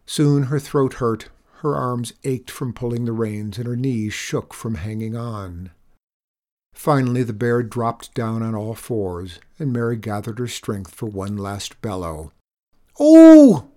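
A man narrating a children's storybook aloud in a gentle, expressive way. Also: fairly low pitch, measured pace.

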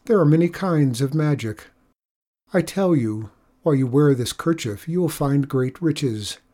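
A storyteller voicing a kindly old woman, a wandering traveller who speaks softly and gently. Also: mid-range voice, expressive, unhurried. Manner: soft-spoken, kindly.

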